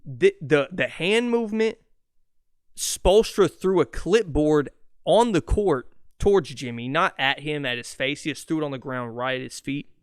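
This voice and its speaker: Excitable man ranting on a sports podcast. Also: on the high side, clear, resonant tone, no room sound, clean studio sound. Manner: excitable, fast, profane ranting. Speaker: podcast host. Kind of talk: solo sports podcast rant.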